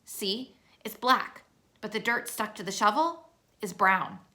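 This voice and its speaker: A woman voicing a sharp, decisive young girl. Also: medium pitch, expressive, unhurried. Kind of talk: storybook read-aloud.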